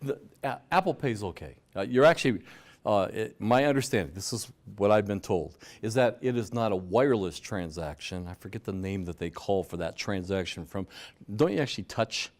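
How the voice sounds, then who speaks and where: A man's voice: on the low side, expressive, moderate pace. A man giving a talk to an audience on spotting scams, speaking conversationally and acting out the lines scammers use. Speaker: fraud prevention speaker. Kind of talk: presentation to an audience.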